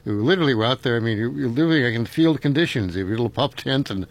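A man's voice: medium pitch, lively intonation, very fast. A man, hosting a local radio call-in show in a rambling, folksy way with frequent chuckles. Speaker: radio talk show host.

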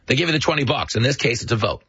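A man hosting a political commentary monologue, telling stories in a mocking, animated way. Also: mid-range voice, very fast, slightly rough, no room sound, muffled recording. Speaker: show host.

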